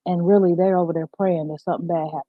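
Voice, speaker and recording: A woman's voice: on the low side, steady tone, rapid-fire, no echo. A woman in her thirties hosting a casual morning livestream, upbeat and chatty, reading viewer comments aloud and talking straight to them. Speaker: livestream host. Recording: tinny phone-like sound.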